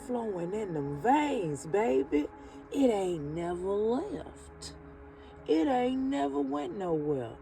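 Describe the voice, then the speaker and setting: A woman's voice: fairly high pitch, very animated, slow pace, dark tone, low-quality recording. A woman hosting a spiritual energy reading with spoken affirmations, drawing out her words, calling the listener baby, and breaking into chuckles. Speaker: spiritual reader and channel host. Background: music playing.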